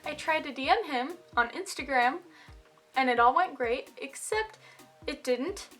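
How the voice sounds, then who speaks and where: Bright, chatty young woman vlogging. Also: sits high, normal speed, soft background music. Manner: chatty, self-mocking, many fillers. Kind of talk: casual chat to camera.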